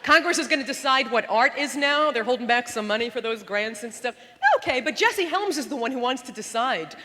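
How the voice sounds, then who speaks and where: A woman doing live stand-up comedy with a sharp, punchy delivery and mocking put-on voices. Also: on the high side, lively intonation, a little fast. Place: theater stage before a live audience. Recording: roomy live show recording with crowd.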